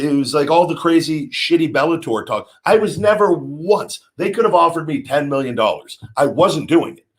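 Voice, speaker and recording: Middle-aged male host, average pitch, chatty rambling storyteller on a live stream. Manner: rambling, frequent restarts, storytelling with acted quotes. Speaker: podcast host. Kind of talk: casual live-stream chat.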